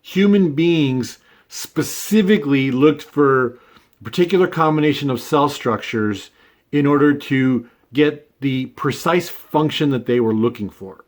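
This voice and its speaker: A man's voice: on the high side, measured pace. A man hosting his own video, talking through an argument in a casual unscripted monologue full of fillers and asides. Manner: conversational, many fillers and "right?" tags. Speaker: video essay host.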